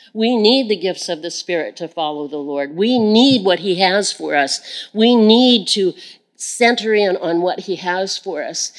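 A woman preaches a sermon in a somewhat low voice, earnest and sincere. She breaks into direct prayer to God, saying key phrases again and again to drive them home. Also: poor audio. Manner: repeats phrases for emphasis. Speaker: Bible teacher.

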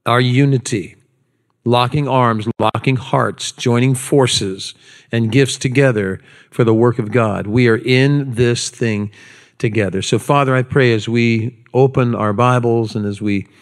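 A man's voice: mid-range voice, fairly even intonation, a little slow. A man preaching a sermon as pastor, conversational, with repetitions and light humor.

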